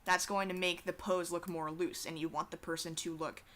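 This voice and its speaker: A young woman casually rambling through a drawing tutorial in a chatty, offhand way, slowing down to stress her points. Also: lowish voice, level tone, fairly bright tone. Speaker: art vlogger.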